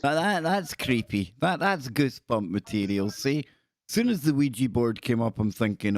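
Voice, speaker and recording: Male call-in host, relaxed and chummy, mid-range voice, dry close sound. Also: mid-range voice, normal speed, no room sound. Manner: friendly, says "man" and "dude" often. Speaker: radio show host. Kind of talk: casual call-in chat.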